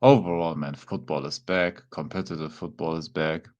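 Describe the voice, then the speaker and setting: This watchalong host has a very deep voice and speaks at normal speed, though the audio is dull. He's a native German speaker with a German accent, chatting with viewers in a relaxed way on a casual live stream and dropping fillers such as "man".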